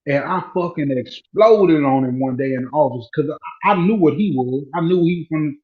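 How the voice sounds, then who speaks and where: A man's voice: on the high side, normal speed, slightly rough. A man casually telling a profane workplace story on a live online audio chat, laughing as he talks. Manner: relaxed, profane, laughs while talking. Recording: dull lo-fi phone audio.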